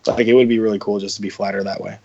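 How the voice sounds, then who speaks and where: A man's voice: on the low side, level tone, rapid-fire, darkish tone. Rambling, profane man on a muffled line. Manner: rambling, profane, with many fillers. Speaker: podcast guest. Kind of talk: casual chat.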